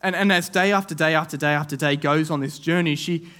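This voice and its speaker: An earnest man preaches a sermon as a guest speaker, with a voice pitched somewhat high for a man. He often repeats words as he restarts a phrase, and he slips into quick imagined voices to act out what people might have said. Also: steady tone, bright, forceful tone.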